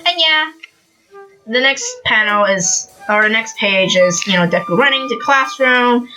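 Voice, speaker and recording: Chatty woman with a bright voice. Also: fairly high pitch, expressive, a little slow, faint music behind. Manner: chatty, many fillers and asides. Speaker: podcast host. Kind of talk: casual manga commentary.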